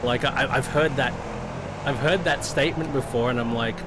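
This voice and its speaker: This middle-aged Australian sim racing streamer tells a story in casual chat with a mid-range voice at a moderate pace. He swears freely, rambles, and keeps restarting sentences, with noticeable background noise in the recording.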